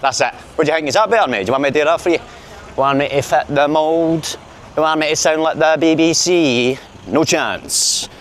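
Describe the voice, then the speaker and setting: A vlogger with a Glaswegian Scottish accent walks city streets, filming himself on a handheld camera and chatting jokily to viewers. His voice is on the high side, expressive, quick, and a bit bright, with slight background noise.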